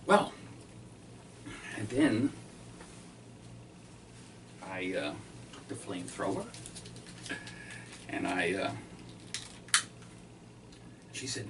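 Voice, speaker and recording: A man telling a comic story as a magician, with halting, deadpan delivery full of fillers. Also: sits low. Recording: distant mic, faint background noise.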